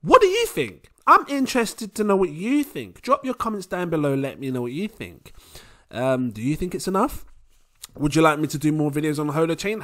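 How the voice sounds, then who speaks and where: A young man hosting a casual crypto vlog, animated and laughing often. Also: on the high side. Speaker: crypto video host.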